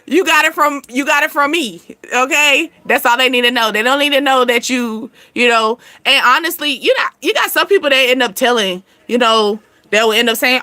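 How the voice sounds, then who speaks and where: Woman host, bright higher voice, dry close sound, chatty and blunt, laughs a lot. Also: moderate pace, few pauses, no echo. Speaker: channel host. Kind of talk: casual advice talk to viewers.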